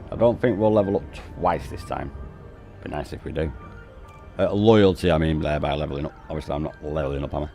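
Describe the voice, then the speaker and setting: A man's voice: very deep voice, fairly even intonation, fast talker, gravelly, dark tone, soft background music. A man streaming a game, chatting casually, laid-back and sweary, calling people "mate" often. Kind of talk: casual live-stream chat.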